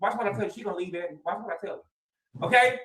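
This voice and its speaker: Sassy high-voiced man on a livestream. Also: fast, a bit bright, reverberant. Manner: sassy, dramatic, repeats lines for emphasis. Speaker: livestream host. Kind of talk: reality TV recap livestream. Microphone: streaming mic.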